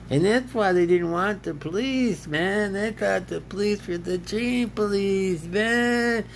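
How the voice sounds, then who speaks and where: Gravelly man rambling and laughing. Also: high-pitched, expressive, unhurried, a little hiss or hum. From United States. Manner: laughs often, argues with himself in two voices. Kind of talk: rambling self-talk monologue.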